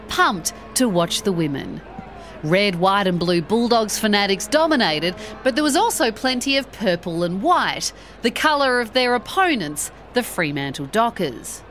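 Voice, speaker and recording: Lively woman storyteller. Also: on the high side, moderate pace, slight background noise. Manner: expressive, rising with excitement. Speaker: podcast host and narrator. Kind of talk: storytelling narration. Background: background music.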